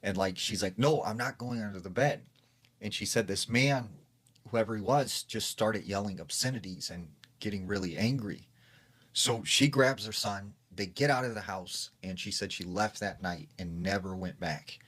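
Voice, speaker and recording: A man's voice: fairly low pitch, moderate pace, fairly bright tone. A man narrating a true spooky story in a casual, conversational storytime way, leaning on "like" and acting out what people said. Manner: conversational, heavy use of "like", acts out quoted lines.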